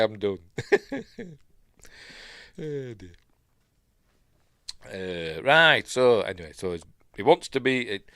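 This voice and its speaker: A man's voice: on the low side, a bit bright, smooth, no room sound, clean studio sound. A man with a Yorkshire accent hosting a casual live stream, rambling as he reads news and chat comments aloud and adds his own asides. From Yorkshire, England.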